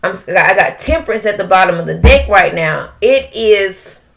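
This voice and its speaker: A woman giving an emotional tarot reading, breaking into drawn-out exclamations. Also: medium pitch, expressive, creaky. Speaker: tarot reader.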